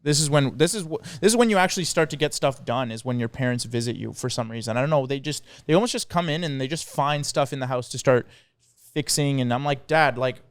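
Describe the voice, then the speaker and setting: A young man co-hosting a podcast, telling stories in a lively, slangy casual chat. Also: medium pitch, fast talker, smooth, no room sound. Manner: animated storytelling, slangy. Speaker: podcast co-host.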